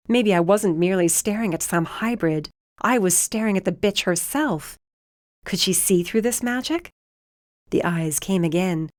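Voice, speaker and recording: A woman reading a first-person audiobook with tense, brisk storytelling into a close studio mic. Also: lowish voice, a little mellow, no echo. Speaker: audiobook narrator. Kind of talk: first-person scripted narration.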